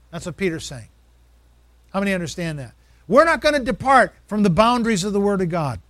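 A pastor preaching a sermon, quizzing the congregation, reading scripture slowly and acting out quotes with a rising voice. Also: male voice, sits high, sing-song, fairly bright tone, no echo.

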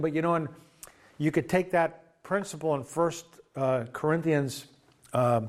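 A man preaching a sermon, retelling a story in a loose conversational way and acting out the quoted dialogue. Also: medium pitch. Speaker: pastor.

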